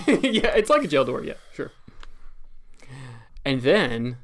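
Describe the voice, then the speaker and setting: A man's voice: fairly high pitch, sing-song, takes it slowly, creaky, fairly bright tone. Man explaining in wry casual chat. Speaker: podcast co-host.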